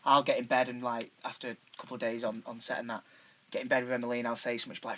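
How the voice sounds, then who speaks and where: Bright-voiced man. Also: medium pitch, little pitch movement, rapid-fire. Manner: swearing, filler-heavy, restarts. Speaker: podcast co-host. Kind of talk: casual chat.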